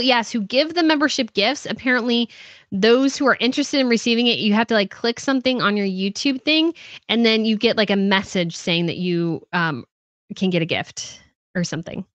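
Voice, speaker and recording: A woman's voice: fairly high pitch, lively intonation, normal speed, fairly bright tone, dry recording. A woman hosting a royal news live stream, chatting casually, reading out viewer comments and answering them with frequent laughs. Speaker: host of a royal news channel.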